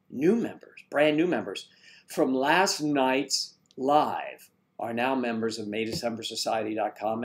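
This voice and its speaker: A man chatting casually on a live stream, with a voice of ordinary pitch for a man. He rambles and jokes as he greets viewers and reads out their comments.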